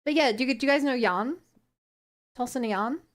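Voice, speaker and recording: This young woman, New Zealand accent, keeps her stream chat casual as she reads messages, laughing and exclaiming in playful disbelief. She talks fairly quickly in a high voice.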